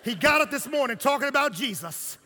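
A man's voice: extremely high pitch, expressive, brisk, bright, forceful tone, full character voice. A preacher acting out his wife fretting pityingly about her husband on the phone. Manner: pitying, gossiping tone.

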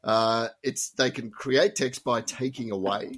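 A man's voice: mid-range voice, a little slow, fairly bright tone, slightly rough. A man co-hosting a casual teachers' podcast who explains patiently and chuckles at his own puns. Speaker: teacher and co-host.

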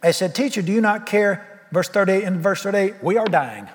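A man's voice: sits high, steady tone, fairly quick. A man preaching a sermon as pastor, folksy and exuberant, full of rhetorical questions. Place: church sanctuary. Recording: long reverb of a church hall.

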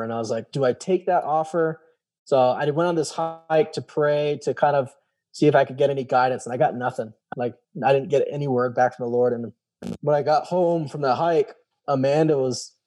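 A man tells a personal story in a relaxed, dark-toned voice at a mid pitch. He slips into quoted dialogue, often acting out the other speakers, and fills the gaps with "like" and "I was like.". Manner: animated, acts out quoted dialogue; many fillers and repeated "I was like". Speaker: guest telling his story. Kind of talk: casual storytelling.

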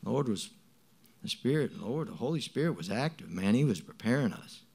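A middle-aged man giving a spoken testimony to a congregation, talking in a halting, earnest way with many restarts and repeated words. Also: medium pitch, sing-song, vocal fry, a little mellow, breathy edge. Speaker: church member giving testimony.

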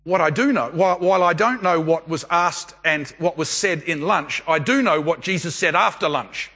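A man's voice: high voice, sharp tone, slightly rough. A middle-aged man preaching a sermon in an earnest, conversational way, asking rhetorical questions. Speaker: pastor. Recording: long hall reverb.

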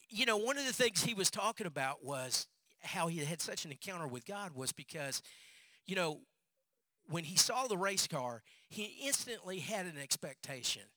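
A male pastor delivers a sermon in a very bright, forceful voice pitched a little high. He tells stories with energy and doubles back on phrases for emphasis. The sound is close and dry. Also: no room sound. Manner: animated storyteller, repeats phrases for emphasis.

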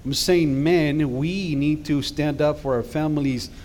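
In a church sanctuary, a middle-aged guest pastor preaches an impassioned sermon that swells into emphatic calls to action. His voice is fairly high and steady in tone, a little slow and mellow, with a little hiss or hum in the recording.

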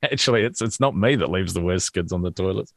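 A man's voice: low-pitched, quick pace, fairly bright tone, dry recording. A middle-aged man with a New Zealand accent, co-hosting a podcast and trading jokes in casual chat. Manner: jokey, laughs often. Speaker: podcast co-host.

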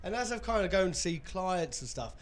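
A man talking in a loose, rambling way, doubling back on himself mid-sentence. His voice sits a little higher than most men's. It is relaxed podcast chat among friends. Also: fairly quick. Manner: rambling, with restarts and laughs. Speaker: band singer and legal professional.

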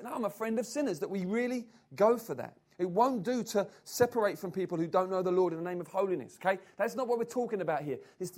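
A pastor preaching a sermon to his church, building to loud, repeated emphatic phrases. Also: mid-range voice. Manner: preaching with rising emphatic bursts and repetition.

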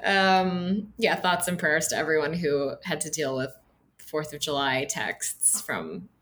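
A woman's voice: sits low, a little slow, a bit bright, slight background noise. Woman, podcast co-host, casual chat, sarcastic, lots of fillers. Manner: chatty, many fillers, sarcastic.

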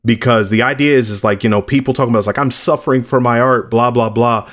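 A man's voice: medium pitch, fairly even intonation, fast talker, a bit bright. A man in his late thirties, a musician being interviewed, speaking candidly and reflectively, sometimes blunt. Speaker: musician guest. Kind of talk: interview conversation.

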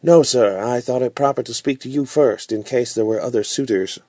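A man reading aloud as an honorable young gentleman who speaks earnestly and formally. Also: mid-range voice, moderate pace, dry recording, lightly acted.

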